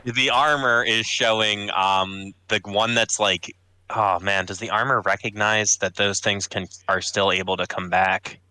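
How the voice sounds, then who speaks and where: A man's voice: on the low side, steady tone, unhurried, bright, forceful tone, no room sound, low-quality recording. A young man playing a tabletop game, talking casually and rambling with many filler words. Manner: rambling, full of filler "like"s, laughs easily. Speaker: player.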